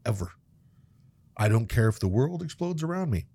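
A man in casual chat, ranting with profanity and sudden loud outbursts. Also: medium pitch, very animated, normal speed, creaky, breathy edge.

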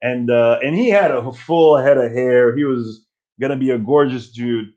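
A man's voice: medium pitch, normal speed, a little mellow, highs cut off. A man in his forties hosting a casual live stream from his old bedroom, ranting and telling stories in a profane, self-mocking way. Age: 40s.

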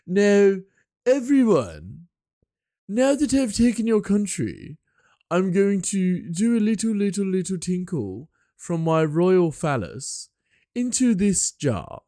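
A man doing a high, pompous posh king. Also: sing-song, slow pace, dark tone, no echo, clean studio sound, exaggerated voice. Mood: grandiose. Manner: haughty, grandiose proclamations.

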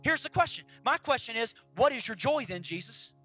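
A pastor preaching a sermon at a church service, animated and swinging between loud and hushed delivery. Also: mid-range voice, fairly quick, husky, soft background music.

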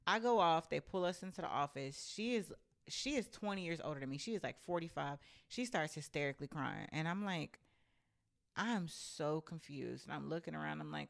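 A woman telling a story from her own life in a blunt, animated and profane casual rant. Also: low-pitched, fairly quick, vocal fry.

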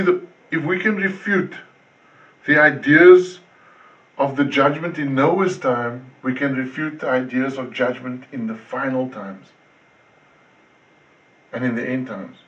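A male pastor preaching a sermon, driving points home with repeated words and swinging between loud and hushed. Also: medium pitch. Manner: preaching with emphatic repetition, rising and falling intensity. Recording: distant, dull lo-fi sound.

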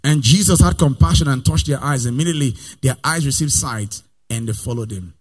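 A man preaching a sermon in a sing-song cadence, swelling loud, then dropping soft and slow between Bible readings. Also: medium pitch, breathy edge. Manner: calls for Bible verses from assistants between readings.

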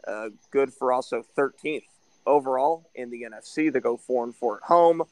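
A man's voice: mid-range voice, moderate pace, a little mellow, no echo, low-quality recording. A man co-hosting a casual sports podcast from a backyard, bluntly breaking down team records and stats. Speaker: podcast co-host. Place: backyard, outdoors.

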